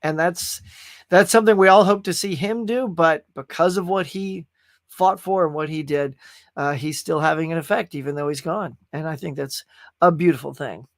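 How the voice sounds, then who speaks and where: A man hosts a relaxed pop culture podcast in a noticeably high voice. He rambles and circles back over his words, openly moved by what he is praising. The sound is dry and close with no room around it. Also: normal speed, no echo. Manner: gushing and emotional; rambling, restarts sentences. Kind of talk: casual movie review chat.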